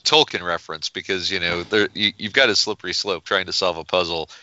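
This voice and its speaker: Low-voiced male co-host on a muffled lo-fi line, dry and measured. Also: steady tone, bright, forceful tone, dry recording. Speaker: podcast co-host. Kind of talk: casual movie podcast chat.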